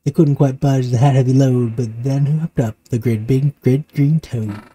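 A man reading a rhyming picture book aloud to his child in a rhythmic, expressive way. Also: mid-range voice, moderate pace, slightly rough. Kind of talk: storybook read-aloud.

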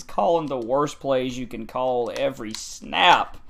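A man's voice: mid-range voice, slow, creaky, a bit bright. A man giving frustrated, ranting gameplay commentary on a football video game, repeating his complaints over and over.

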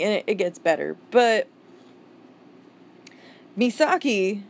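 A woman's voice: mid-range voice, a little slow. Woman rambling and swearing in a manga review. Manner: swears freely, rambling with restarts; gushing and exasperated.

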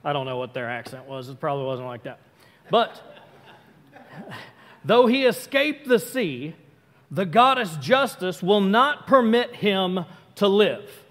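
High-voiced man preaching in a reverberant hall. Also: very animated, a bit bright. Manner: conversational, self-interrupting, acts out quick asides. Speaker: pastor. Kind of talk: casual sermon.

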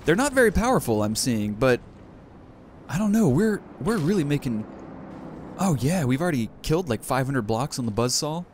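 A young man hosting a let's play, giving excited, enthusiastic gameplay commentary. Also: normal speed, slight background noise. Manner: enthusiastic, bursts of high excitement.

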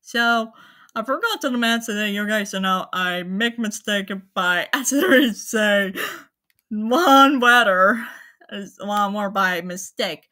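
A woman hosting her own channel, talking casually to viewers in a halting, apologetic way, with many fillers and restarts. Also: medium pitch, expressive, pushed and bright. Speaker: anime channel host. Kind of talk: casual spoken rundown to viewers.

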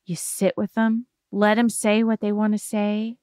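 A woman hosting a self-help show, explaining a healing exercise in a gentle, reassuring coaching tone. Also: medium pitch, flat delivery, unhurried, no room sound, clean studio sound. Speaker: podcast host giving therapy advice.

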